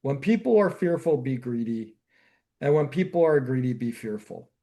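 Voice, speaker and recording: A man's voice: medium pitch, expressive, moderate pace, mellow. A man co-hosting a real estate podcast, explaining the market steadily and asking rhetorical questions. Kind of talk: casual podcast chat.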